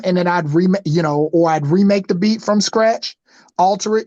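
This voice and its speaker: A man's voice: high-pitched, moderate pace, darkish tone, no echo, lo-fi sound. A man co-hosting a podcast in casual chat, rambling with lots of fillers. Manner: rambling, full of fillers like "you know what I'm saying". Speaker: podcast co-host.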